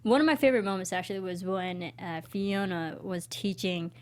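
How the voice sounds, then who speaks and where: A young woman co-hosting a casual TV review show, chatting with fillers and a relaxed, friendly manner. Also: fairly low pitch, normal speed. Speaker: co-host of TV recap show.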